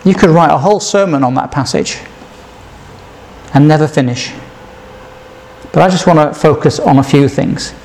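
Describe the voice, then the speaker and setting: A man's voice: on the high side, normal speed, gravelly, long pauses, darkish tone. A man preaching a sermon, reading scripture aloud and putting questions to his listeners.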